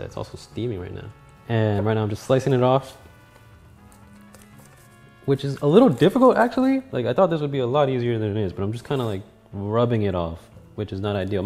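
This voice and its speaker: A man hosting a casual cooking vlog in a home kitchen, talking in a joking, self-mocking way with sudden loud outbursts. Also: on the low side. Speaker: cooking video host.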